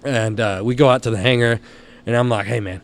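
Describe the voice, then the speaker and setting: A Texan man telling stories as a guest on a studio podcast, animated and blunt, laughing through his tales and cursing casually. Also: mid-range voice, brisk, clean tone. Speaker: guest, helicopter hunting outfitter.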